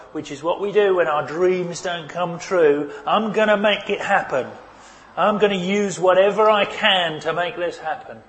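A man preaching a sermon, stressing key phrases and repeating them, with loudness that rises and drops for emphasis. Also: on the high side, a little hiss or hum.

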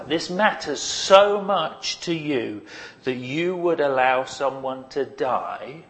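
A man preaching a sermon to his congregation. He is animated, asks rhetorical questions, and drops in humorous asides. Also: mid-range voice.

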